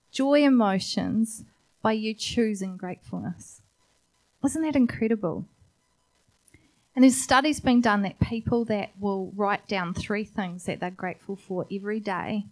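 A woman preaching a sermon at an unhurried pace, her pitch sitting in the middle of the range. She sounds earnest and encouraging and often puts rhetorical questions to the congregation. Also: a little mellow.

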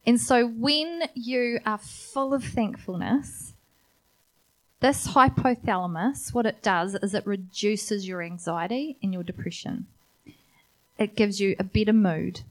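A woman preaching a sermon at an unhurried pace, her pitch sitting in the middle of the range. She sounds earnest and encouraging and often puts rhetorical questions to the congregation.

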